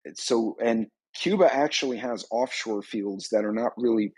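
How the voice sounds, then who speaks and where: Man, husky voice, dry close sound, rambling live-stream commentary. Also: medium pitch, moderate pace, darkish tone, no room sound, low-quality recording. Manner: rambling, conversational. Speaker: host of a preparedness channel.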